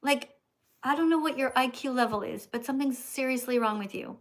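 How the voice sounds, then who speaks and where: A woman's voice: high voice, a little fast. A middle-aged American woman hosting a livestream in casual chat, emphatic and scolding, repeating herself. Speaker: livestream host.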